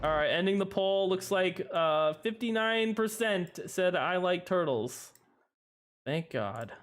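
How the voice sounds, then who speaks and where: A man's voice: sits high, lively intonation, measured pace, a bit bright. A young man streaming a game, chatting casually with viewers in a rambling, chuckling way, and sleepy at times. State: sleepy, yawning. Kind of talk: casual livestream commentary.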